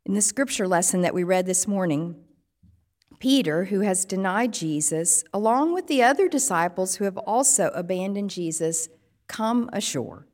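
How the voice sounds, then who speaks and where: A woman pastor giving a sermon, measured and reflective, posing strings of rhetorical questions. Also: mid-range voice, animated, darkish tone, in a large hall.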